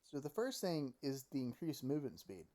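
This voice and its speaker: A man ranting casually and profanely about a video game, animated and full of mocking quoted voices, recorded close on a desk mic at home. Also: mid-range voice, moderate pace. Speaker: gaming commentator. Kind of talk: casual opinion rant.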